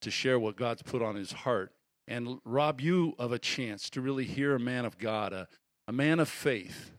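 A man's voice: medium pitch, normal speed. A man, the church's pastor, introducing a guest preacher with enthusiastic praise and fillers.

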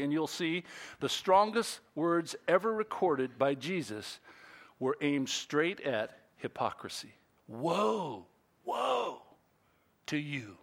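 A man preaching a sermon in an animated, playful way, acting out quotes and little scenes to make his point. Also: a little high.

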